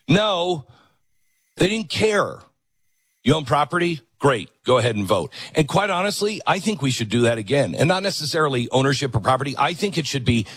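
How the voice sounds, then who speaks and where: A man's voice: a little high, very animated, fairly quick, fairly bright tone, slightly rough, dry recording. A man hosting a political talk show, commenting with sarcastic, mocking asides.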